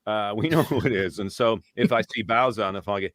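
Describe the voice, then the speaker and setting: A man being interviewed about his voice-acting work, telling lively stories and dropping into voices now and then. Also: lowish voice, fast, no room sound. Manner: animated storyteller, slips into character voices. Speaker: voice actor guest. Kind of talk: casual interview.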